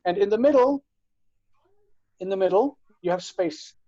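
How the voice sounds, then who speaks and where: Man teaching hebrew online, patient, warm mellow voice, dry dull call audio. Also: high-pitched, lively intonation, dry recording. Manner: slow, patient explaining with frequent checks for understanding. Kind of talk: online class lesson.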